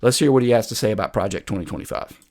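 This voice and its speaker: A man's voice: lowish voice, very fast, darkish tone. A man hosting a political commentary video, combative and sarcastic, talking straight to his viewers.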